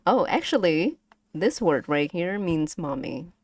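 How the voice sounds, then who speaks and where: A woman's voice: fairly low pitch, big pitch swings, unhurried, no echo, studio quality. Giggly Vietnamese-accented woman teaching tones. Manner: playful, giggly, drills tones aloud. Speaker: vtuber language streamer. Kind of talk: casual language lesson to stream chat.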